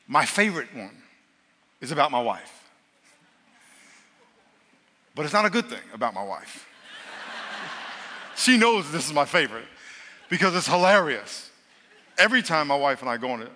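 A male pastor preaching a storytelling sermon to a live audience, animated and acting out dialogue in a raised voice. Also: mid-range voice. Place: large church hall with a live audience. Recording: live hall reverb, faint room noise.

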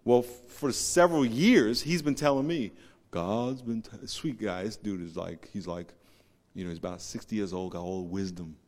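A man preaches a sermon in a large hall, and long reverb trails after his words. He moves between hushed, confiding stories and loud, emphatic points, now and then acting out what people said. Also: lowish voice, normal speed. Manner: storytelling with laughs and acted quotes. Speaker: pastor.

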